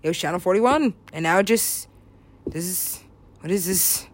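A woman from the US West Coast speaks at a moderate pace in a fairly low voice. She's in a loose, rambling casual chat, giggling often, swearing freely and acting out silly voices.

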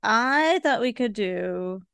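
A woman's voice: fairly high pitch, expressive, slow, creaky, fairly bright tone, smooth, no echo, clean studio sound. A woman co-hosting a podcast in casual chat, telling a rambling story in an agreeable, chatty way. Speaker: podcast co-host.

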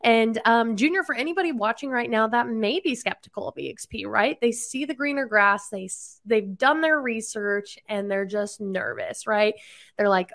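Woman, podcast host, upbeat, leading questions, slightly high voice. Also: moderate pace, fairly bright tone. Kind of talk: casual interview talk.

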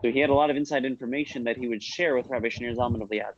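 A rabbi teaching a class gives an informal religious lesson, telling stories conversationally with frequent restarts and questions for his listeners. His medium-pitched voice is very fast, and the recording is slightly muffled with faint noise.

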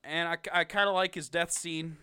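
A young man co-hosting a podcast, reviewing a ranked list of TV seasons in a sarcastic, animated way with frequent laughs. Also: fairly high pitch, moderate pace, clean tone, dry recording, studio quality. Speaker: podcast co-host. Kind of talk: casual ranking review chat.

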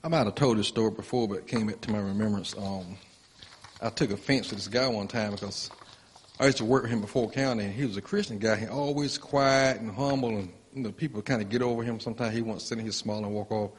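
A man's voice: fairly low pitch, fast, slight background noise. A man sharing a personal story in church, rambling with many fillers. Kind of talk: casual testimony.

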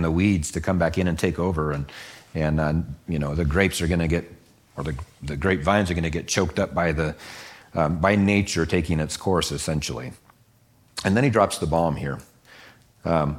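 Low-voiced middle-aged man, casual bible lesson, conversational, acts out the voices of the listeners. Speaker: Bible teacher.

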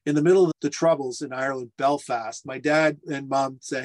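A middle-aged man, a restaurateur guest, telling lively anecdotes on a video call from his home furnace room and acting out the quotes. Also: mid-range voice, fairly quick, hardly any pauses. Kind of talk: casual storytelling interview.

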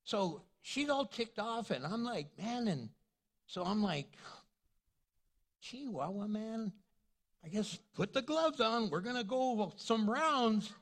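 A man's voice: high voice, lively intonation, slow pace, a bit bright. An older male pastor preaching a sermon, telling a funny family story with playful asides and laughter. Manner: storytelling, playful, laughs at his own jokes.

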